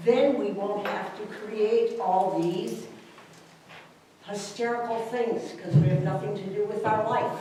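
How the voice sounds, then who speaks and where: A woman's voice: medium pitch, measured pace. Emphatic older woman in an echoey hall. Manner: animated, emphatic, acts out quoted neighbors. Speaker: resident speaking at public comment. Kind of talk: impassioned public comment. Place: council meeting room, heard from far off. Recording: echoey room, distant mic, faint hum.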